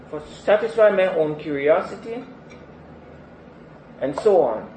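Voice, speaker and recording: A high-pitched man preaches with earnest conviction, repeating key phrases to drive them home. His voice rings through a reverberant church. The recording sounds a little dull, with faint ambient noise behind him. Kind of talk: sermon. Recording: echoey, slightly dull sanctuary recording.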